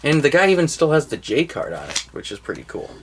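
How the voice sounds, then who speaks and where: A man's voice: on the high side, wildly swooping pitch, fast, vocal fry, noisy background. A young man co-hosting a casual movie collection video, talking enthusiastically and rambling, with casual swearing. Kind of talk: casual chat.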